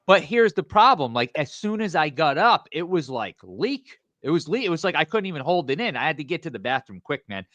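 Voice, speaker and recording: Lively profane male podcast host. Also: fairly high pitch, brisk, hardly any pauses, no echo. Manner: animated, profane, laughs through stories. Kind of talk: casual chat, crude storytelling.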